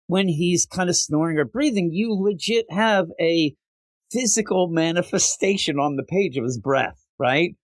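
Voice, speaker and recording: Animated man chatting about comics. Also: sits high, no echo. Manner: animated, acts out characters' lines in quick voices. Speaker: podcast co-host. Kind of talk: casual comic book review chat.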